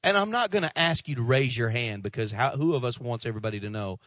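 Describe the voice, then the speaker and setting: A male pastor preaching a sermon to his church, impassioned at first, then soft and pleading as he calls people forward. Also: medium pitch, expressive, brisk, no room sound. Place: church sanctuary.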